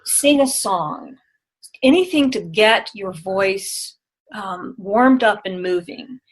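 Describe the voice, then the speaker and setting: A woman guest explains presentation techniques in an easy conversational flow. She talks with energy and breaks into quick demonstrations of the exercises she teaches. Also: mid-range voice, animated, husky, poor audio. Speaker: guest, speaking and presentation coach. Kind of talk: conversational interview.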